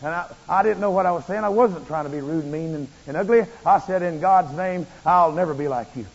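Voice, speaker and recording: A male preacher giving a fervent, repetitive sermon that rises into shouts. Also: a little high, fairly quick, slightly rough. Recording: muffled, long hall reverb.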